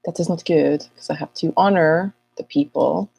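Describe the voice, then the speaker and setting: Woman host of a live astrology Q&A; low, slightly husky voice, loose rambling delivery, dry recording. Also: normal speed, a little mellow, no echo. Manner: chatty, rambling, self-mocking. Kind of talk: casual livestream chat.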